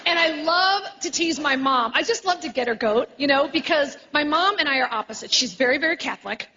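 A woman comedian performing a brash live stand-up set, teasing the crowd and swearing freely. She is on stage before a live audience, in a dull recording over loud crowd noise. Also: high-pitched, animated, brisk.

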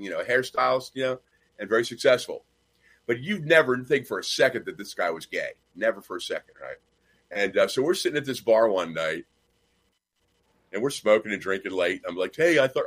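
A man co-hosting a casual chat, telling animated stories and acting out the people he quotes. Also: fairly low pitch, husky. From Nashville. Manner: animated storyteller, acts out quoted voices. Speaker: co-host.

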